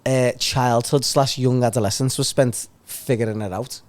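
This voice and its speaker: A man's voice: medium pitch, steady tone, normal speed. A man co-hosting a podcast, speaking reflectively with some dry humor in casual chat. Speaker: podcast co-host.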